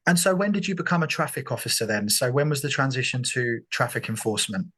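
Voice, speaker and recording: A British man with a mid-pitched voice hosts a podcast interview. He asks long, rambling questions with lots of encouragement. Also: animated, fast, a bit bright, husky. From United Kingdom. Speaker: podcast host. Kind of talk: conversational interview.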